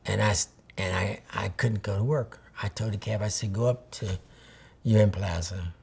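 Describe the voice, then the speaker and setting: Gravelly older man telling stories. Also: on the low side, steady tone, moderate pace, darkish tone. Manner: rambling storyteller, acts out old conversations. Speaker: photographer interviewee. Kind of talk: reminiscing interview.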